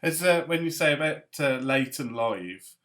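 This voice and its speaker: A man's voice: mid-range voice, lively intonation, moderate pace, a bit bright. Laid-back male interviewer. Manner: laughs often, gives short prompts. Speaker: podcast interviewer. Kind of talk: casual chat interview.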